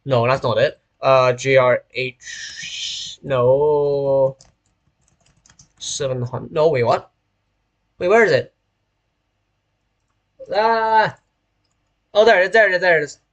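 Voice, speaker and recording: A man's voice: medium pitch, takes it slowly, pauses often, lo-fi sound. A young man from Hong Kong with a British-sounding accent and a sore throat, chatting casually on a stream, rambling and often correcting himself mid-sentence. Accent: British-sounding English. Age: young adult. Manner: rambling and self-correcting, often restarting phrases. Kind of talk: casual live-stream chat while playing a train simulator.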